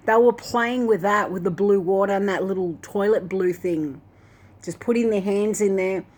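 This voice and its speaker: A woman's voice: medium pitch, normal speed, a little mellow. A woman casually retelling a dream in a rambling way, full of fillers like "like" and "and that". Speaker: Christian video host.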